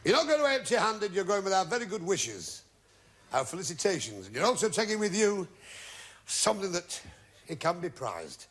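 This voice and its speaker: A man's voice: sits high, sing-song. Wisecracking man hosting a game show. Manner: wisecracking, with drawn-out asides to the audience. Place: TV studio with a live audience. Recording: loud studio audience and noise from an old TV broadcast.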